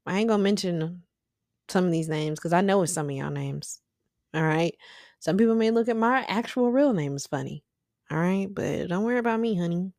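A woman's voice: on the low side, animated, fairly quick, a little mellow, no echo, clean studio sound. A young woman hosting a casual Bible study podcast, talking in an emphatic, conversational way with slangy asides. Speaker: podcast host.

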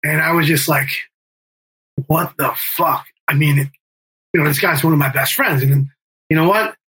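A man's voice: on the high side, fast, fairly bright tone, breathy edge, poor audio. A middle-aged man telling a long story in casual interview talk, rambling with fillers and restarts and swearing. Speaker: guest, band member and music manager.

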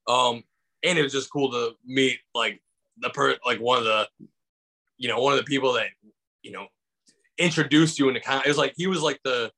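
Over a video call with poor audio, this comedian from Michigan rambles casually through stories as an interview guest, using many fillers and acting out quotes. He speaks at normal speed in a medium, sharp-toned voice and pauses often.

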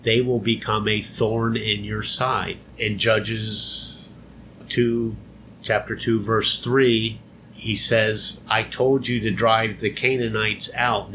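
A man giving an unhurried, conversational Bible teaching, explaining and repeating phrases for emphasis. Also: on the low side, pushed and bright, slight background noise, low-quality recording.

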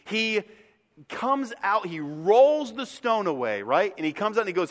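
A man preaching a sermon as a pastor, retelling a scripture story with humor and lively asides in a church. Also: sits high, a little slow. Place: church sanctuary. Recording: long reverb of a large hall.

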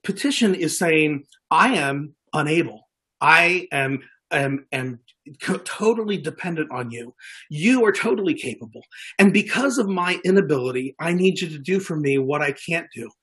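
Husky-voiced man preaching a sermon. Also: a little high, lively intonation, normal speed, a bit bright. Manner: earnest, repeats words while building points. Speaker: pastor.

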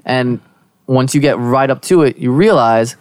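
A man's voice: medium pitch, a little slow, darkish tone, clean tone, dry recording, clean studio sound. Young man running a tabletop game. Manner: rambling, many likes and restarts. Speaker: game master.

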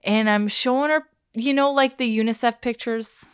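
A woman's voice: on the high side, steady tone, normal speed, clear, resonant tone, no room sound, clean studio sound. A woman in her thirties co-hosting a podcast, telling stories in a casual, chatty way and laughing easily. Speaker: podcast co-host. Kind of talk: casual chat.

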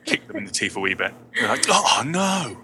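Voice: sits low, fairly even intonation, fast talker, sharp tone, slight background noise. A podcast co-host chiming in with playful, teasing banter. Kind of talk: casual chat.

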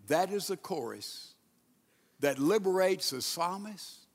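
Slow high-voiced male pastor preaching. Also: lively intonation, big-room sound. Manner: leads congregation in reading and prayer. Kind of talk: sermon. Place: church sanctuary.

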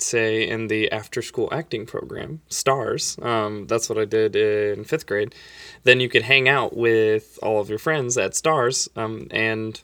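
A young adult co-hosting a casual podcast, laughing often and reacting quickly. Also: mid-range voice, a bit bright, dry recording. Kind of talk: casual chat.

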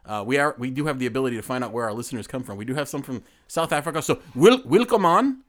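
Man, podcast co-host, casual chat, rambling and joking, quick. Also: mid-range voice, fairly bright tone. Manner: rambling, self-interrupting, joking.

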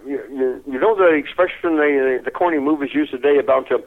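A man's voice: mid-range voice, fairly quick. Chuckling older man over a tinny line. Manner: lively, chuckling, repeats words. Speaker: interview guest. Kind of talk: anecdotal storytelling.

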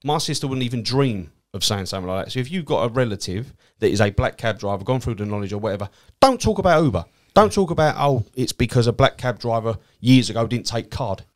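A man's voice: mid-range voice, fast, hardly any pauses. A man with an Essex accent, a cab driver and comedian, telling anecdotes in casual chat and swearing freely. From Essex, England. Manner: swears freely, acts out quoted people in a lively way.

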